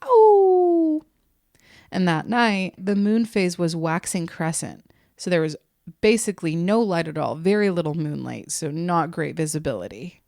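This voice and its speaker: A woman with a low, gravelly voice tells a strange tale to her co-host, cracking jokes and swearing as she goes. Her delivery is loose and chatty. The sound is dry and close. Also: a little mellow, dry recording. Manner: giggly, profane, jokey retelling with quick asides. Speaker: podcast co-host telling the story. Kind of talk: casual storytelling chat.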